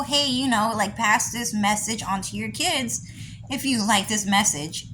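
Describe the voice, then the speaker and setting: Brief: woman vlogger, loose rambling monologue, slow delivery, mid-range pitch. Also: bright, forceful tone, a little hiss or hum, rough recording. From California. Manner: rambling, conversational, full of "you know" and "like". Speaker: diary vlogger. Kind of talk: casual monologue.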